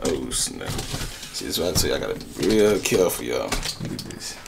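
A young man vlogging his morning routine in a casual, slangy and rambling way, his voice husky and groggy from just waking up. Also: a bass voice, big pitch swings, measured pace, noisy background. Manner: slangy and rambling, self-correcting. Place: home bathroom. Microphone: camera on a tripod.

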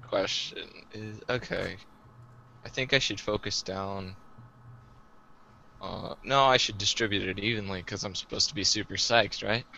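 A man's voice: on the low side, measured pace, vocal fry, bright, forceful tone, highs cut off, a little hiss or hum. A man playing in an online tabletop game, wry and chuckling. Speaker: player.

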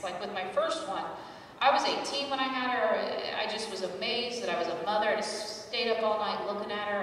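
A woman in her forties doing a stand-up set, telling wry, self-deprecating stories with loud acted asides. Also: medium pitch, recorded from a distance, a little hiss or hum. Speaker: stand-up comedian. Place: live comedy stage. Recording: echoey hall, mic heard from afar.

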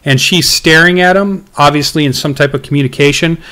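A man's voice: fairly high pitch, a little fast, bright, forceful tone, smooth. A man narrating as game master of a tabletop game, hesitant, with many ums and restarts.

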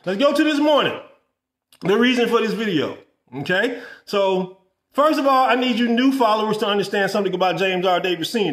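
A man's voice: sits high, animated, fairly quick, fairly bright tone, echoey room. A man ranting in a vlog as a business coach, swearing and repeating himself in exasperation. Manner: profane, repetitive, exasperated ranting.

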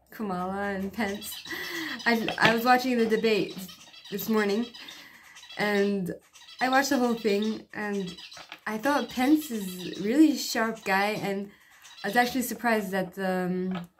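A woman's voice: medium pitch, a little hiss or hum. A woman chatting casually to camera in her small home, peppering her talk with "you know" and light laughs. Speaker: vlogger. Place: small one-room home.

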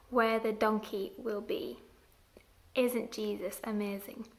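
A woman leading a church group for small children, talking slowly in a sing-song, encouraging way to the young viewers. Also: mid-range voice, little pitch movement. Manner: slow, sing-song and encouraging, like speaking to toddlers. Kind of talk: addressing small children on video.

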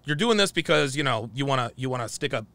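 A man's voice: mid-range voice, lively intonation, fast talker, pushed and bright, no echo. A man telling a heated story in a profane monologue, acting out the dialogue he quotes. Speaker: channel host.

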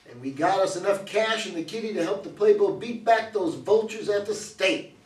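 Actor doing a bragging old cowboy museum owner, folksy drawl, reedy and high, miked from afar in an echoey hall. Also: male voice, expressive, normal speed, darkish tone, distant mic. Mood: cocky, folksy. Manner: folksy drawl, hammy and salesman-like. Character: boastful older male cowboy running a roadside museum. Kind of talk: reader's theater stage reading.

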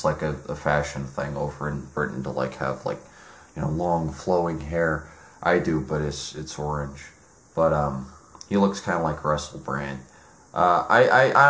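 Low-voiced man rambling in an echoey room. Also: fairly bright tone. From United States. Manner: rambling, halting, heavy on fillers and swearing. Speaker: comedic ranter. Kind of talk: deadpan comedic rant.

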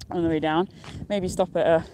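A young woman streams live from a mountain summit, chatting loosely and cheerfully in a slightly low voice. She rambles from thought to thought and laughs often, recorded outdoors on a handheld phone. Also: fairly even intonation, a little fast, warm tone, a little hiss or hum. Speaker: outdoor vlogger. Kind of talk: casual live-stream chat.

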